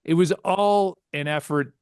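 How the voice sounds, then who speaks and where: A man who works as a sportscaster, telling animated anecdotes as an interview guest, often restarting his sentences. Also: a little high, measured pace, smooth, no room sound, studio quality. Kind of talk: casual storytelling interview.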